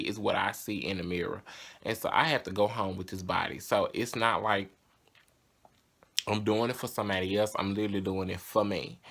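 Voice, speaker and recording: A man's voice: lowish voice, creaky, fairly bright tone. A young man with a Southern US accent, talking casually and candidly to camera in a vlog. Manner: chatty, candid and sassy. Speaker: vlogger.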